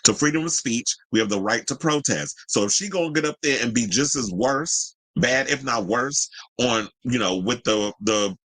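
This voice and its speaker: A man's voice: medium pitch, normal speed, hardly any pauses, a bit bright, dry recording, low-quality recording. A man hosting a celebrity news commentary show, ranting bluntly and heatedly, with a lot of cursing. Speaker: commentary host.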